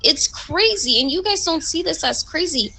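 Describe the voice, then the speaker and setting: A woman's voice: extremely high pitch, expressive, moderate pace, vocal fry, sharp tone, rough recording. A woman in a roleplay game voice chat, heatedly complaining and confronting a superior. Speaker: roleplay police recruit. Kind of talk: in-character voice chat, arguing.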